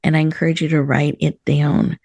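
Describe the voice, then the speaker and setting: A woman hosting a show, gently guiding listeners through a slow breathing meditation in a soothing manner. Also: low-pitched, little pitch movement, creaky, no echo. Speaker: host.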